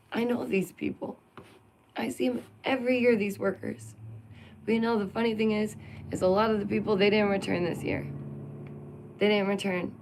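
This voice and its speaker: A woman's voice: mid-range voice, a little mellow, poor audio. A middle-aged woman venting to her viewers in a casual, emotional vlog. She talks animatedly and laughs between points. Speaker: vlogger.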